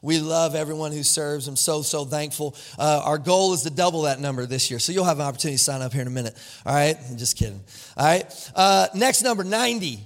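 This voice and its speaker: High-voiced, upbeat male pastor preaching. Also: fast talker. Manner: upbeat, engages the congregation with questions. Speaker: lead pastor. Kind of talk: live church sermon. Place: church sanctuary.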